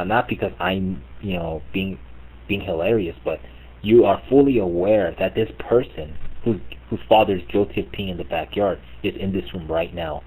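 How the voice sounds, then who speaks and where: A man with a husky, slightly low voice rants to his chat room, mocking and exasperated. He swears freely and piles on absurd scenarios in disbelief. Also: poor audio. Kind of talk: comedic rant on live chat.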